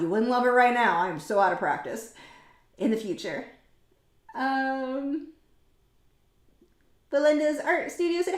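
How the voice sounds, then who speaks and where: A woman with a somewhat high voice hosts a relaxed art livestream from her home studio. She chats in a rambling way and reads viewer comments aloud. The room has a roomy echo. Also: measured pace, long pauses. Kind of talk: casual livestream chat.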